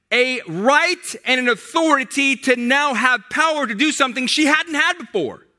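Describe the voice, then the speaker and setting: Very high, bright-voiced man preaching. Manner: emphatic and repetitive, with many restarts. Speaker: pastor. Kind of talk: sermon.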